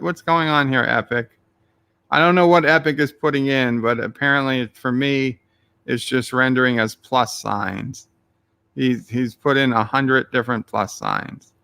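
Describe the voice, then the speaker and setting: A man's voice: mid-range voice, creaky, pushed and bright, dry recording. A man streaming live, reading his chat messages aloud with dry joking asides.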